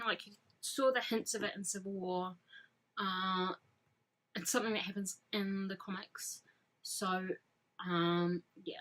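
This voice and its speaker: A woman talks slowly in a casual fan vlog, her voice bright and forward. She rambles effusively, full of fillers and false starts, at a middle pitch. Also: rough recording. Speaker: fan vlogger reviewing a film. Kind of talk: casual chat.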